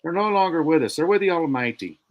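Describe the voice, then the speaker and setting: A man's voice: on the high side, animated, fast talker. A man hosting a casual podcast, folksy, laughing often and trading country sayings. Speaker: podcast host.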